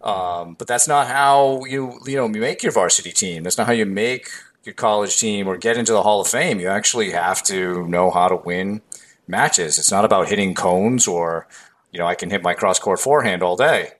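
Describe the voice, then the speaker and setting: A man hosting a podcast interview, agreeing with his guest and adding his thoughts in a measured way. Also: on the low side. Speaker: podcast host.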